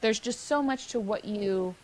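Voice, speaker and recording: A woman's voice: mid-range voice, measured pace, a little mellow, a little hiss or hum, rough recording. A woman hosting a podcast, asking long, enthusiastic, rambling questions. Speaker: podcast host. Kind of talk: podcast interview.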